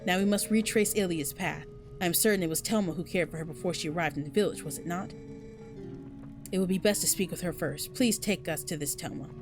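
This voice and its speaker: A woman reading the lines of a calm older male village shaman from a game, quick and earnest. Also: lowish voice, over music, close to an everyday voice.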